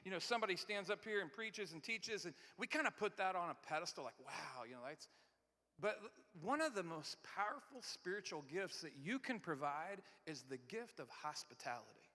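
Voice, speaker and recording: Man, pastor, high bright voice, conversational sermon, loud then hushed, echoing church hall. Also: expressive, normal speed. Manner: swings from loud and emphatic to hushed near-whispers; conversational, repeats and restarts words. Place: large church auditorium. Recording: long hall reverb.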